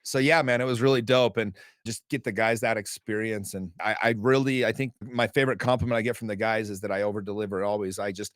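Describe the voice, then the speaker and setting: A man guesting on a podcast, speaking in a somewhat low voice. He tells stories in a casual, emphatic way, swears freely and acts out the dialogue. The sound is dry and close to the mic. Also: no room sound. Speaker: podcast guest, author and men's group founder. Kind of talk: animated storytelling in conversation.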